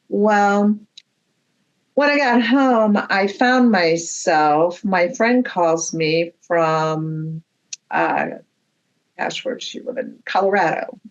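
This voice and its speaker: A woman's voice: lowish voice, highs cut off. A woman, a medium who is a guest on a podcast, telling a story in a casual interview and acting out the voices of the people in it. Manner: animated storyteller, acts out quoted voices.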